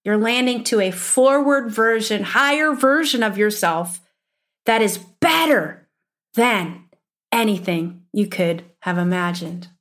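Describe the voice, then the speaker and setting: A woman in her thirties with an Upper Midwestern American accent delivers a teaching monologue as a spiritual coach. She speaks earnestly and emphatically, repeating key phrases, in a mid-range, fairly bright voice at a slow pace.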